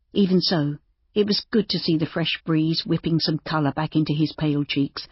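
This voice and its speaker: A woman narrates a story with a low, husky voice in a steady, even way. The recording sounds dry and a little dull. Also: dry recording. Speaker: audiobook narrator. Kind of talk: scripted narration.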